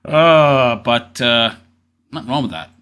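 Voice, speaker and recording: A man's voice: mid-range voice, slow pace, a bit bright, smooth. A man commenting sarcastically over an interview clip, mocking and talking back at it. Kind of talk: casual reaction commentary.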